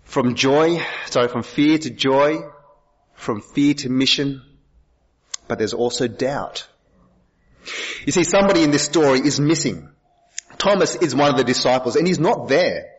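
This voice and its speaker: Husky male pastor preaching. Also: medium pitch, expressive, moderate pace, pauses often, in a large hall. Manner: earnest, with rhetorical questions. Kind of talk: sermon. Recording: dull lo-fi sound.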